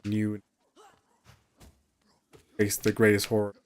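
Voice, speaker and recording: A man's voice: lowish voice, completely flat delivery, takes it slowly. A tired man, rambling in casual gameplay commentary as a streamer, often trailing off mid-sentence.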